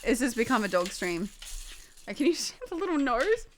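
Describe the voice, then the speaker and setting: A woman's voice: a little high, big pitch swings, moderate pace, slight background noise. A young woman casually chatting on a livestream at home, distracted by her dogs, swearing and laughing.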